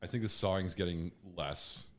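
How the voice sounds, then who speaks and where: A man's voice: sits low, moderate pace. A man co-hosting a podcast, casual and wry, teasing his co-hosts and steering the talk. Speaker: podcast co-host. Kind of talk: casual chat.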